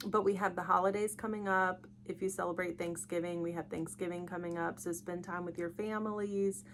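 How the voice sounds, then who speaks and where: A tired young woman talks on her own podcast in a lowish voice. She rambles in a chatty, reflective way. A faint hum sits under her voice. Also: fairly even intonation, fairly quick, fairly bright tone. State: tired, yawning. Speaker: podcast host. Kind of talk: casual solo podcast talk.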